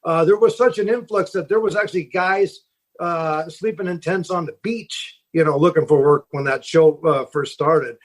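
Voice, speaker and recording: A middle-aged fishing boat captain from Seattle tells stories casually in a podcast interview, rambling with lots of fillers and restarts. His voice is slightly high and his speed normal.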